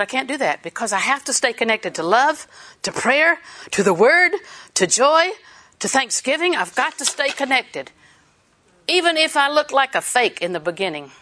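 A woman with a fairly high voice preaches a sermon at normal speed. She is animated, tells stories, and laughs as she exhorts her listeners.

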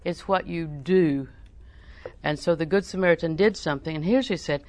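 A woman's voice: on the low side, moderate pace, no room sound. An older woman preaching a sermon in a folksy, storytelling way, with emphatic repetition.

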